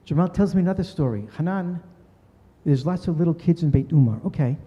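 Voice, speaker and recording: A fairly high, expressive male voice, slightly quick and with a breathy edge. It belongs to an older man giving a talk in a synagogue hall, earnestly telling a story and voicing those he quotes, captured in a dull, echoey recording.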